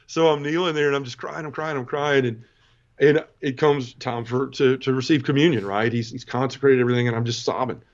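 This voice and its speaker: A man in his forties, guesting on a podcast, gives earnest, emotional personal testimony about his conversion, frequently breaking off and starting again. He speaks quickly at a middling pitch, and the recording is dull and lo-fi.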